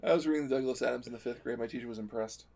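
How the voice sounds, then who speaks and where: A man's voice: mid-range voice, racing, gravelly, darkish tone. A man chatting casually on a livestream, joking and acting out silly imagined conversations. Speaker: co-host.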